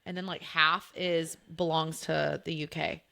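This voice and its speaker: Animated woman podcast co-host. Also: low voice, measured pace, vocal fry. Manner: animated, joking. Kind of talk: casual chat.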